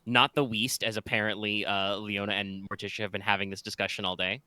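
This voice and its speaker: A man's voice: lowish voice, level tone, brisk, pushed and bright, clean tone, dry recording. A man running a tabletop game as game master, rambling a little with fillers and restarts as he describes the scene.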